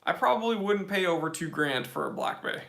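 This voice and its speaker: Gravelly, bright-voiced young man answering live chat. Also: high voice, lively intonation, a little fast. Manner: blunt, opinionated, casual slang. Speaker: watch channel host. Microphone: phone.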